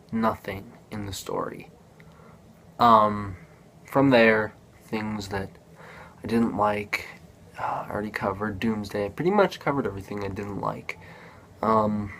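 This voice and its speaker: A man's voice: on the low side, fairly bright tone, slight background noise. A man giving a casual spoken movie review, rambling, restarting sentences and acting out characters' lines.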